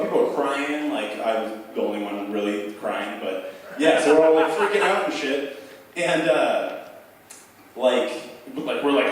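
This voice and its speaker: A man's voice: mid-range voice, moderate pace, slight background noise. Rambling young man doing stand-up. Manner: rambling, profane, filler-heavy. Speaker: stand-up comic. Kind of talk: open mic stand-up storytelling. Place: bar open mic room. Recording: echoey bar room heard from far off.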